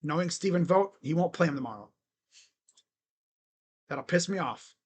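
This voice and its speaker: Excitable high-voiced man calling plays. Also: moderate pace, husky. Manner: excitable, swears casually, laughs often. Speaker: live play-by-play streamer. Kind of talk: casual play-by-play commentary.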